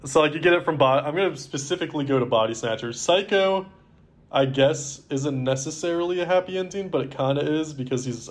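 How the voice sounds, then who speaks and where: A man co-hosting a podcast in casual chat, talking in a rambling, laid-back way. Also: medium pitch. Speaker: podcast co-host.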